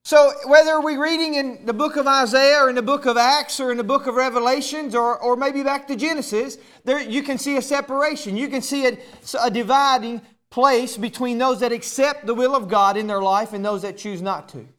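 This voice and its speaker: A man's voice: very high voice, steady tone, fairly quick, hardly any pauses. A male pastor preaching a sermon, often repeating words as he restarts, then building to emphatic, raised passages. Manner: stammering word repeats, building to emphatic shouts.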